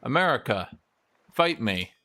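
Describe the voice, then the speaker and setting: A man streaming a game and ranting casually about history, opinionated and profane, with quick mock voices for the countries he talks about. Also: mid-range voice, very animated, bright, forceful tone. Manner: mimics historical nations in quick asides. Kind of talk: casual livestream rant while gaming.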